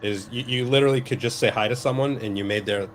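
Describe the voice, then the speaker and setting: Male podcast host, thoughtful and easygoing, average pitch, faint background hiss. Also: fast talker. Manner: reflective, thanks viewers by name. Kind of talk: casual podcast chat.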